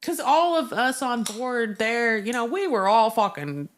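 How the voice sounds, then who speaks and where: A woman's voice: a little high, big pitch swings, measured pace. A woman guest in a casual interview, telling a story with lots of swearing and acted-out quotes. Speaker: Navy veteran.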